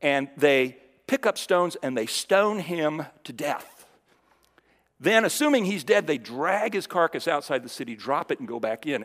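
A man preaching in a church hall, his voice sitting a little high and rising and falling widely as he swings from loud emphasis to hushed lows. He talks conversationally, checking in with his audience. A long reverb trails behind every word. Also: lively intonation, moderate pace. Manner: conversational, with fillers and restarts, asks the audience questions. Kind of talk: sermon.

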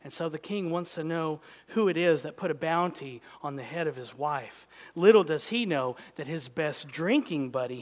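A man preaching a sermon, telling a story with dramatic pauses and rising to emphatic peaks. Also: a little high, fairly bright tone, in a large hall.

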